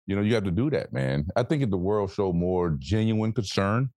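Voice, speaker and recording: A man co-hosting a podcast in casual chat, animated and swearing freely, acting out voices as he tells stories. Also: on the low side, moderate pace, no echo. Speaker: podcast co-host.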